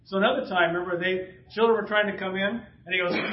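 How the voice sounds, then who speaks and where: Talking quickly with hardly any pauses, this high-voiced man in his fifties delivers a conversational sermon as a pastor, chuckling and performing snippets of dialogue. Captured in a church sanctuary, the audio is roomy, distant and dull with slight background noise.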